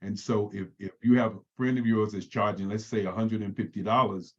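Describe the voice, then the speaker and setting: A man joins a group discussion to offer measured advice, pausing and restarting as he goes. His voice is fairly low, and the audio comes through dull and muffled. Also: fairly even intonation. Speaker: workshop participant.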